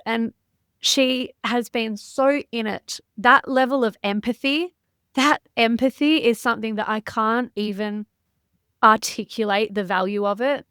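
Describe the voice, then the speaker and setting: Candid woman, smooth voice. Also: a little high, unhurried, fairly bright tone, no room sound, studio quality. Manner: open and emotional, frank with mild swearing. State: near tears. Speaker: podcast guest, mindset educator. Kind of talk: candid interview conversation.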